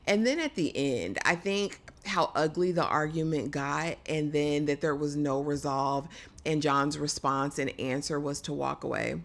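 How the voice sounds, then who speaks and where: A woman's voice: deep voice, vocal fry. A middle-aged woman, chatting emphatically through a casual TV episode recap. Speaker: vlogger.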